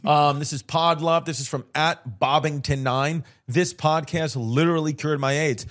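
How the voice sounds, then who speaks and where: A brash man trading jokes on a comedy podcast, his voice sitting a little higher than most men's. He talks in loose, casual banter and likes to tease. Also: steady tone, moderate pace, fairly bright tone. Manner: brash, joking, mocking banter. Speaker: podcast co-host.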